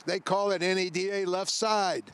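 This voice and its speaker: A man, a car dealer making an emphatic sales pitch that repeats its slogans and talks straight to buyers. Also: fairly even intonation, normal speed, a bit bright, smooth.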